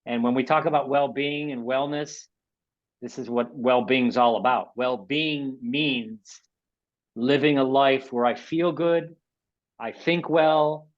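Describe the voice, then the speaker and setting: A man's voice: medium pitch, takes it slowly, lo-fi sound. A man in his sixties from the United States presents a webinar in casual, rambling talk, often repeating and restarting words. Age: 60s.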